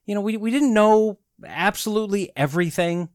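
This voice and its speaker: A man's voice: sits high, brisk, clear, resonant tone, no room sound, studio quality. A man in his forties hosting a podcast, delivering a sardonic casual monologue full of rhetorical questions. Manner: sardonic, rhetorical questions, chuckles at own jokes. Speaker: podcast host.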